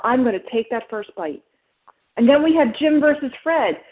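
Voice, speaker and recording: Higher-voiced woman with a New Jersey accent, emphatic and quick, sharing at a recovery meeting over the phone. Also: animated. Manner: emphatic, fast-talking, explains step by step. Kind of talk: personal share at a recovery meeting. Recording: phone line.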